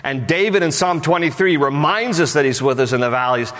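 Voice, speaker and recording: A man preaching a sermon, telling a Bible story with playful acted-out voices, then turning softer and earnest. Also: fairly high pitch, a little fast, big-room sound. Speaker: pastor.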